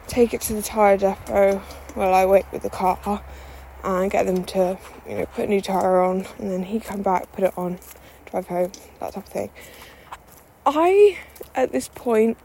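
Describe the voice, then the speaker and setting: Young woman with vocal fry. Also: medium pitch, mellow, slight background noise, rough recording. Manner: chatty, swearing, lots of "like" and self-mocking asides. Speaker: podcast host. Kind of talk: casual storytelling monologue.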